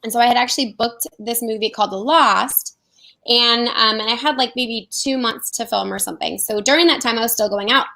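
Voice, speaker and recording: An actress telling animated stories about auditions in a casual interview. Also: female voice, on the high side, brisk, vocal fry, poor audio. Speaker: actress guest.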